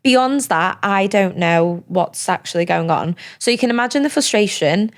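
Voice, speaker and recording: Young woman chatting on a podcast, lively, rambly, lots of likes. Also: mid-range voice. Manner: chatty, animated, quick asides with many fillers. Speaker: podcast guest. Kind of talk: casual conversational interview.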